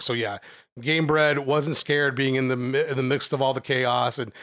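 A man's voice: mid-range voice, little pitch movement, moderate pace, a bit bright. A man co-hosting a casual sports podcast, who laughs often and swears freely as he chats. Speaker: podcast co-host.

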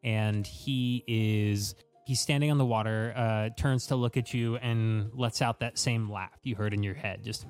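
A man's voice: on the low side, fairly even intonation, unhurried, hardly any pauses, a little mellow, clear, resonant tone, faint music behind. A man narrating as game master of a tabletop game, describing scenes casually with frequent restarts.

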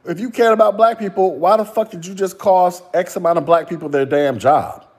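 A man's voice: sits high, fairly quick, husky. Brief: male podcast host, solo rant, sarcastic and profane, laughs at his own jabs. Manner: mocking, laughing, profane, rhetorical questions.

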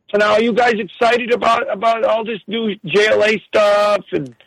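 A man's voice: sits high, creaky, a bit bright, dry recording, low-quality recording. A man telling rambling, profane stories in casual chat on a podcast. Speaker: podcast guest storyteller.

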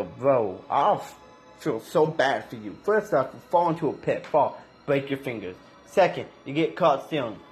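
A man casually reviewing an anime episode in loose, slangy talk, with lots of restarts and animated reactions. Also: on the high side.

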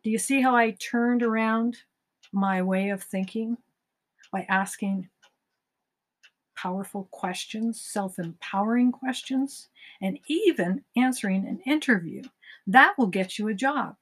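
Her voice on the high side and her pace measured, a woman delivers a motivational talk on her self-help podcast. Along the way she performs imagined dialogues with lively voices.

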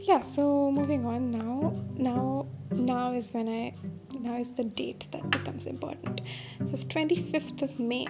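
A woman's voice: sits high, fairly even intonation, unhurried. A woman hosting a podcast who tells a personal story in a candid, self-deprecating, rambling way. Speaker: podcast host. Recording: dull lo-fi audio with music behind. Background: music.

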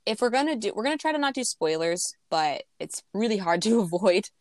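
A woman's voice: mid-range voice, big pitch swings, a little fast, no echo. A young woman co-hosting a book podcast in casual chat, talkative, with frequent restarts and laughter. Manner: chatty, laughs often, many restarts. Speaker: podcast co-host.

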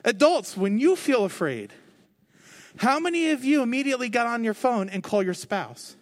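A man's voice: very high voice, sing-song, moderate pace. A man in his thirties, a pastor giving a conversational sermon, joking at himself and acting out quoted lines. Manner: conversational, self-mocking, acts out quoted voices.

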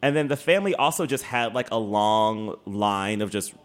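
A man co-hosting a casual podcast chat, animated and swearing, with lots of fillers and laughs. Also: on the low side, moderate pace. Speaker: podcast co-host.

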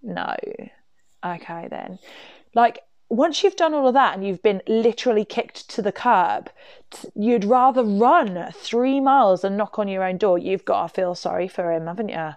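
A woman's voice: medium pitch, normal speed, darkish tone, no echo. A woman telling a personal story to her viewers in a casual, rambling way, full of fillers and asides. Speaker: vlogger.

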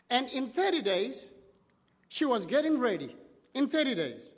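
Male preacher, unhurried and dramatic, in short phrases; long hall reverb. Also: very high-pitched, sing-song. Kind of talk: sermon storytelling.

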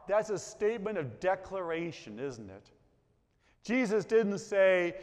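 High-voiced pastor preaching in a reverberant church. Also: male voice, very animated, unhurried, a little mellow. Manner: conversational, asks the congregation to repeat lines. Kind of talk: sermon. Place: church sanctuary. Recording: long reverb of a church hall.

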